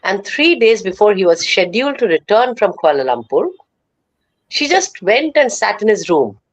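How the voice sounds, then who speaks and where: A woman's voice: mid-range voice, sing-song, moderate pace. A woman on a live panel, telling a personal anecdote in a storytelling manner. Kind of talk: casual panel discussion.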